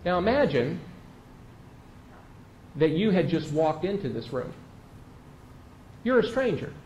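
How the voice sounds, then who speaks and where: Conversational preacher man, slightly high voice. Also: very animated, slow pace, a little mellow, muffled recording. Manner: conversational, vivid storytelling with emphatic repeats. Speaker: pastor. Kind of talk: sermon. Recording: echoey room with faint noise.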